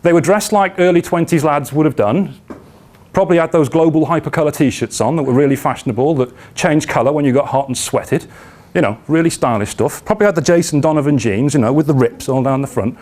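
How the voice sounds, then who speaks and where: A man's voice: fairly high pitch, brisk, a little mellow. A man with a South Welsh accent giving a self-deprecating, storytelling talk at a business networking meeting. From South Wales. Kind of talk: anecdotal presentation.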